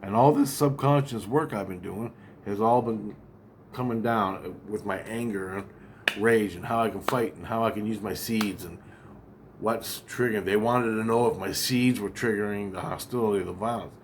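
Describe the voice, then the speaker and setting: A man's voice: lowish voice, normal speed, a little hiss or hum. Rambling, profane man venting to camera. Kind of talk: casual vlog monologue.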